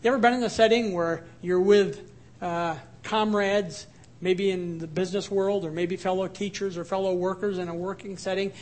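A man's voice: sits high, fairly even intonation, moderate pace, a little mellow. A man preaching a sermon as a pastor, earnest and emphatic, asking the congregation questions and telling stories.

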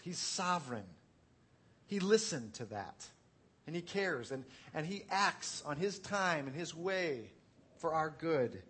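A pastor preaching an earnest, conversational sermon, swinging from quiet reflection to loud, pleading intensity. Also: male voice, a little high, slightly rough.

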